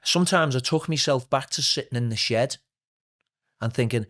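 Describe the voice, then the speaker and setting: A man's voice: medium pitch, normal speed. Storytelling man. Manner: animated, anecdotal storyteller. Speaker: guest, singer and playwright. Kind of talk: casual interview chat.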